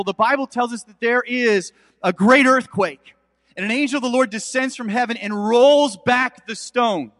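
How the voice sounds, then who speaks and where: A male pastor delivers a sermon in a casual, storytelling manner. His voice sits high for a man. The recording carries the long reverb of a large hall. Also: a bit bright. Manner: storytelling, conversational with asides to congregation.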